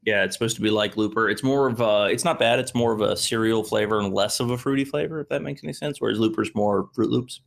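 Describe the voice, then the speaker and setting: An American man with a lowish voice hosts a podcast in loose, casual banter. He talks in a laid-back way, swears freely and trails off into ums between thoughts. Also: fast talker, gravelly, few pauses. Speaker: podcast host.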